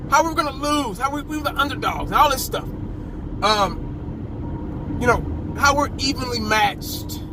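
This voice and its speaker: A man with a strikingly high voice that swings up and down as he rants. He repeats himself, turns sarcastic, and drops into mock whispers. He sits in a car, and steady background noise runs under his voice. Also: unhurried. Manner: animated, repetitive, sarcastic, mock-whispering asides. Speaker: sports fan vlogger. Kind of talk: casual fan rant to camera.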